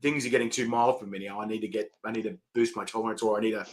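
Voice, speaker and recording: A man, hosting a casual interview and telling animated stories. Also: lowish voice, racing. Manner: chatty storyteller, animated, acts out quotes. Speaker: interviewer and chilli event organiser. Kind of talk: casual chat. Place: online video call.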